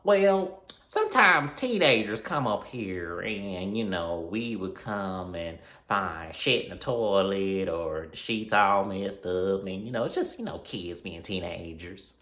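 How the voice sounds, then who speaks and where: A man putting on a slow-talking, dismissive motel manager. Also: deep voice, lively intonation, bright, forceful tone, heavily acted. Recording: roomy echo.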